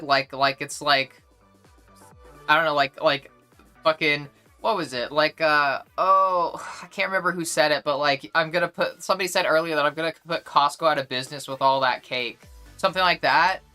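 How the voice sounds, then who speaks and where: A woman's voice: low-pitched, moderate pace, bright, forceful tone, soft background music. A young woman streamer chatting casually with her chat, rambling and blunt, swearing often and full of fillers and restarts.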